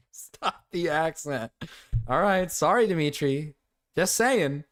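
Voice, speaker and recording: A man's voice: a little high, a bit bright. A man streaming and reacting to videos, casual, crude and often laughing. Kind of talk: casual livestream reaction chat.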